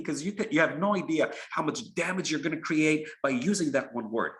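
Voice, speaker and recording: A man's voice: a little high, brisk, few pauses. A man, an imam, telling a story in a sermon and acting out the characters. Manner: animated, acts out the characters.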